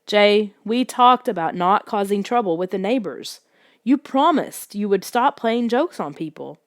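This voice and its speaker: A woman's voice: mid-range voice, lively intonation, a little slow, dry recording, studio quality, close to an everyday voice. A woman voicing a strict, angry father who lectures his son in a firm, scolding tone.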